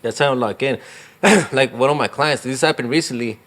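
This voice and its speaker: A man's voice: mid-range voice, a little fast, fairly bright tone. Young man, real estate agent, casual interview, rambling, slangy, filler-heavy. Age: young adult.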